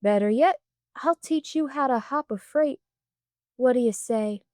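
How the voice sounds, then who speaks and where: A woman's voice: high-pitched, unhurried, darkish tone, dry recording, clean studio sound. A woman doing a drawling, smirking young hobo man. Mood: taunting. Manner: drawling, wheedling, mocking.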